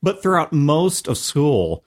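A man's voice: fairly high pitch, very animated, slow. A man on a podcast making dry, matter-of-fact asides in casual chat. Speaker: podcast co-host.

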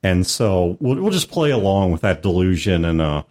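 A man hosting a tabletop gaming podcast in a relaxed, rambling chat. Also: low voice, moderate pace. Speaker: podcast host.

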